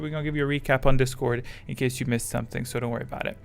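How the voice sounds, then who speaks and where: A man's voice: medium pitch, fairly even intonation, very fast, vocal fry, hardly any pauses. A man chatting casually with his live chat as a streamer, rambling and self-deprecating, with English that is not his first language.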